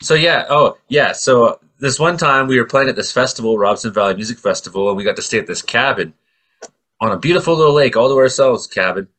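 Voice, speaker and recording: A man with a bright, forceful tone and middling pitch, spinning a lively story in casual talk. He acts out the people in his tale with sudden loud, high cries. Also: a little fast. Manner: animated storyteller who acts out quoted voices with loud high yelps.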